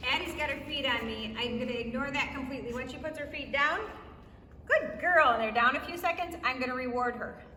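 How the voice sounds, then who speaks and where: A woman's voice: high-pitched, fast, few pauses, bright, forceful tone, slight background noise. A woman dog trainer teaching a puppy class, explaining to viewers while she praises and rewards a puppy. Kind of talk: instructional demo. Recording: echoey room, faint ambience.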